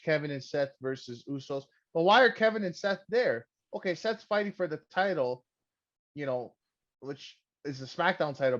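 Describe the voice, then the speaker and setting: A man co-hosting a casual podcast, rambling and sarcastic, cursing freely. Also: a little high. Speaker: podcast co-host. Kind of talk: casual wrestling recap chat. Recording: dull lo-fi sound.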